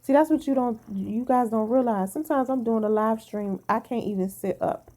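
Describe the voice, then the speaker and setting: Tired woman venting on her vlog, blunt, cusses a lot, warm low-key tone. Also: normal speed. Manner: blunt, emphatic, swears freely. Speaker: vlogger. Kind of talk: casual venting to viewers.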